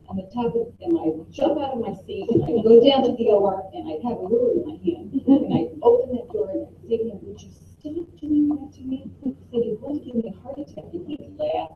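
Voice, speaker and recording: Woman giving a distant, echoey eulogy. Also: on the high side. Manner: fond and conversational, with frequent ums. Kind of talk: memorial eulogy with anecdotes. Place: memorial service hall. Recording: distant, echoey, tinny lo-fi with faint hiss.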